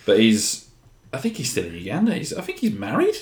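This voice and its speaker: A man's voice: mid-range voice, wildly swooping pitch, a little fast. A young man with an English accent, bantering bluntly as a podcast co-host and swearing freely. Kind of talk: casual chat. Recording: echoey room.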